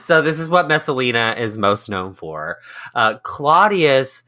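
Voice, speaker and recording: A man's voice: mid-range voice, a little slow. A man co-hosting a history podcast, joking playfully through casual chat. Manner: playful, jokey, lively delivery. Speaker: podcast co-host.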